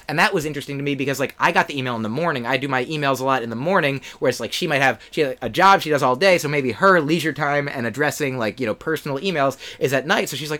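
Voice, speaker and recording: A man's voice: on the high side, lively intonation, quick pace, hardly any pauses, a bit bright. A man co-hosting a podcast in a casual chat, thinking aloud in a rambling, reflective way with lots of filler. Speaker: podcast co-host.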